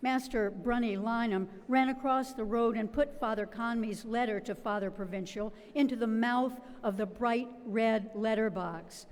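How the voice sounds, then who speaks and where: Woman reading a novel aloud in a hall. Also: fairly high pitch. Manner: measured, expressive literary reading. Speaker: reader at a public literary reading. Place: event hall. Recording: long hall reverb.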